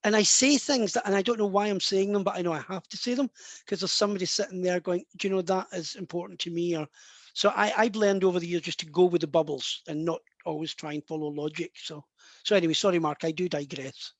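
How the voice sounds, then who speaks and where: High-voiced rambling middle-aged man. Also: steady tone, fast, dry recording. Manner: rambling, self-interrupting, laughs often. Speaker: spiritual medium guest. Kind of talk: casual live Q&A chat.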